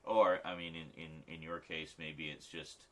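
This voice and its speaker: Another late-night livestream from home finds a male host talking casually with his viewers, wandering off and restarting often. His pitch is extremely low, his tone level, and his pace a little slow.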